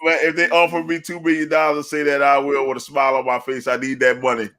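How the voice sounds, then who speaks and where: A man's voice: mid-range voice, fast. Profane laughing podcast host man. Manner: profane, laughs often, animated storytelling. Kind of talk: casual sports podcast banter.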